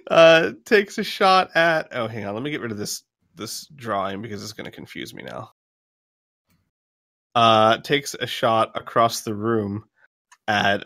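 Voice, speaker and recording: Male game master, unhurried and rambling, dry close mic. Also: on the low side, no echo. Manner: rambling, laughs between lines, counts out loud. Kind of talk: narrating a tabletop game.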